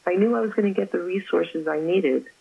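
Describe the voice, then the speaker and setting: A woman, an author, chatting as an interview guest and telling stories about her faith with effusive warmth. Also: on the low side, fairly quick, vocal fry, slightly rough, dull audio. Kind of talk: casual interview chat.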